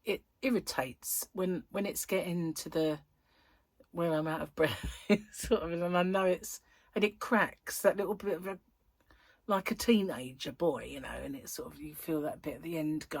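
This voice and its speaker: A middle-aged woman with a husky voice, hosting a rambling, casual chat and telling anecdotes with frequent laughs. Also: fairly low pitch, expressive, a little slow, dry recording. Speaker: host.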